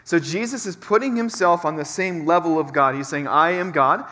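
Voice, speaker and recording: Male pastor preaching in a reverberant hall; high, bright, forceful delivery with emphatic repetition. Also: lively intonation, brisk. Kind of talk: sermon. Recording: long reverb from a large hall.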